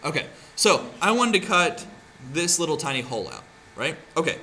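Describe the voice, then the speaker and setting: A man teaching a hands-on craft lesson with a bright, fairly high voice that rises and falls a lot. He talks casually to his students and keeps checking in with "right?". A faint hum of room noise sits under him. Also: sing-song, moderate pace. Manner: chatty, keeps asking "right?". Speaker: art teacher. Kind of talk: classroom tutorial demonstration.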